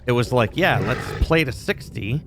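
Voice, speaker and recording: Profane gamer ranting. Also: male voice, mid-range voice, lively intonation, normal speed, a little hiss or hum. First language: French. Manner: ranty, profane, opinionated. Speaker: gaming YouTuber. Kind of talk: casual gameplay commentary.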